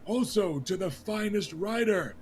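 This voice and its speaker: A man voicing a boisterous, generous king who bellows slow proclamations to a crowd. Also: sits high, expressive, slight background noise, voice pushed up. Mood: bellowing. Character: booming jovial bearded king, boisterous and generous.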